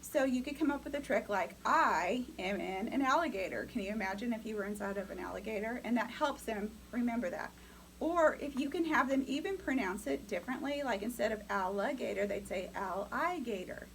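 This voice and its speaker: A woman's voice: fairly high pitch, fast talker, vocal fry, a little hiss or hum, low-quality recording. A woman teaching future teachers in a classroom, upbeat and coaching, often calling on students. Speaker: teacher educator. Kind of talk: classroom lecture.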